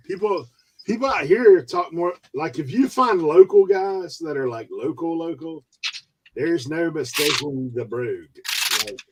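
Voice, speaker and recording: A man's voice: a little high, sharp tone, slight background noise, poor audio. A man in laid-back casual chat on a panel of resellers, laughing easily.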